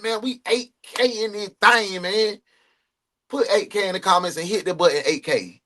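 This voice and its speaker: A man with a Southern accent hosting a live reaction stream, joking loudly and calling out to his chat. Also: high voice, normal speed. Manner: loud, joking, calls out to chat. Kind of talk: casual live-stream commentary.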